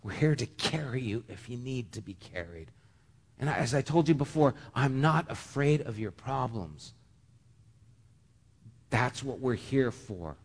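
A male pastor gives a sermon in a church sanctuary, earnest and heartfelt, frequently stammering and repeating words. His medium-pitched voice is animated at a measured pace. A long church-hall reverb surrounds it.

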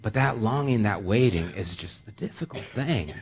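A middle-aged pastor preaching a sermon, moving between quiet, slow passages and raised, emphatic ones, with casual fillers in his stories. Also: fairly low pitch, lively intonation, breathy edge. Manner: storytelling asides with casual fillers. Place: church sanctuary.

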